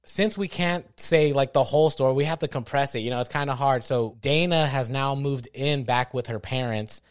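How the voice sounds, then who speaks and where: A man co-hosting a podcast, animatedly narrating a movie pitch scene by scene, with music playing behind him. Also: normal speed, clear, resonant tone. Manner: animated storyteller. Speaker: podcast co-host. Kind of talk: casual chat, acting out a story pitch.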